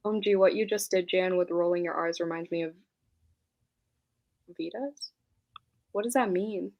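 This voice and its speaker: A woman's voice: on the low side, moderate pace, a little mellow, highs cut off, slight background noise. A young woman casually chatting on a livestream as host, reading comments aloud. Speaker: booktube host.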